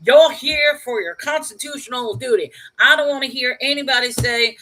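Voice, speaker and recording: A woman's voice: sits high, moderate pace, sharp tone, slight background noise, voice pushed up. A woman imitating a stern male judge with a thick Texan accent who lectures a room in a commanding voice.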